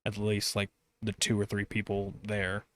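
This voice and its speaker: A man's voice: fairly low pitch, monotone, normal speed, a bit bright, no room sound. A young man hosting a casual podcast, rambling and self-deprecating, with a slight lisp. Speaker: podcast host and streamer.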